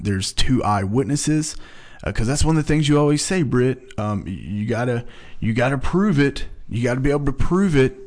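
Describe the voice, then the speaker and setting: A man's voice: mid-range voice, a little mellow. A man in a casual discussion, thinking aloud and restarting sentences as he reflects.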